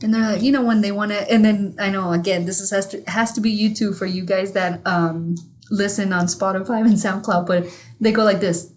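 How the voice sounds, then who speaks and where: A woman's voice: mid-range voice, steady tone, a little fast. A woman from Mexico whose first language is Spanish, co-hosting a podcast and telling a rambling, profane story with frequent laughter. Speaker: podcast co-host. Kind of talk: casual chat.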